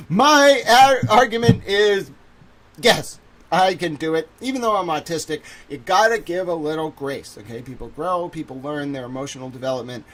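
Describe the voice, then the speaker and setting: A man's voice: a little high, measured pace, long pauses, a bit bright. A man in his thirties hosting a casual livestream, reading a legal document aloud and breaking off to joke and ramble. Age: 30s. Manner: rambling, joking, reads a document aloud and interjects. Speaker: livestream host.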